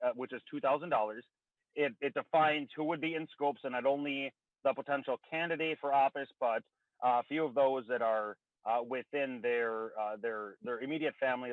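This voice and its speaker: A man's voice: mid-range voice, no room sound. A man, a state legislator, presenting a bill by phone, out of breath and talking formally with many fillers. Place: outdoors near a car, then a quieter spot. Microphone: phone on a remote call. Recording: tinny dry phone line.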